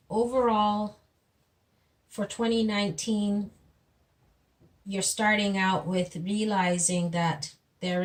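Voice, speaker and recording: A woman giving a tarot reading in a gentle, reassuring, unhurried way, repeating words and pausing as she goes. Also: mid-range voice. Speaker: tarot reader. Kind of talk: slow, soothing tarot reading.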